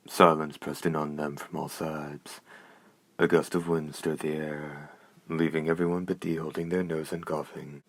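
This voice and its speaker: A man reading a novel aloud as narrator in a measured, steady way. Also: extremely low pitch, dry recording. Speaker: audiobook narrator.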